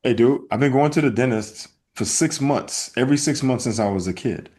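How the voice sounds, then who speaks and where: A middle-aged man co-hosting a casual podcast, telling stories with lively acted-out voices. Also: mid-range voice, fairly quick, husky. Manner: animated storyteller, acts out voices. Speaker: podcast co-host.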